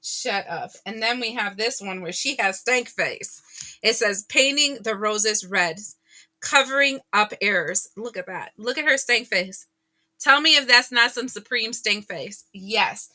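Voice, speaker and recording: A woman giving a casual tarot reading to her viewers, chatty and animated, often laughing and exclaiming. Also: fairly high pitch, unhurried. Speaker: tarot reader.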